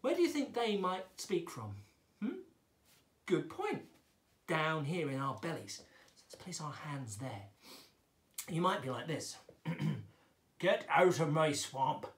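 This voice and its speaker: A man's voice: on the high side, very animated, unhurried, pauses often, fairly bright tone, reverberant. A man teaching children a drama lesson in a chatty, playful and encouraging way.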